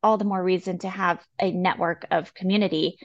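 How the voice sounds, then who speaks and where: A woman co-hosting a casual health podcast, talking in an earnest, encouraging way and quoting people in quick asides. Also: lowish voice, fairly even intonation, dull audio. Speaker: podcast co-host.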